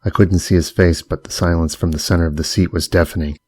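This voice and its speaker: A man reads a first-person novel aloud at a steady, even pace. His voice is very low and holds a flat line. The booth sound is dry with no room. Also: fast talker, slightly rough, no echo. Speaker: audiobook narrator. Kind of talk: first-person audiobook narration.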